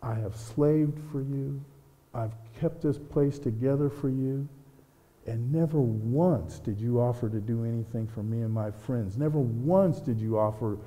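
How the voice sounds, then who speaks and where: A man's voice: mid-range voice, unhurried, mellow, close to an everyday voice. A man voicing a resentful older son who complains bitterly about his years of hard work. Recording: long church reverb.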